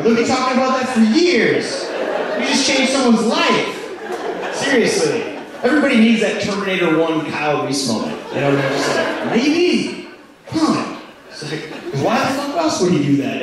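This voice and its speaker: Stand-up comedian, man, slightly high voice, rambling delivery, picked up from a distance in a reverberant club with an audience laughing. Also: background noise. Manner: rambling, filler-heavy delivery with sudden loud outbursts. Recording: echoey club recorded from far off with audience.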